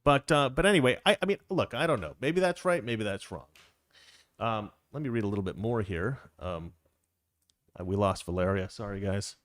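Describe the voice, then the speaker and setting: A man's voice: lowish voice, animated, normal speed, fairly bright tone, no room sound, studio quality. A middle-aged man hosting a casual political talk show, rambling and wry, often stopping to restart his sentences. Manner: rambling, self-interrupting, wry. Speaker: political commentary host.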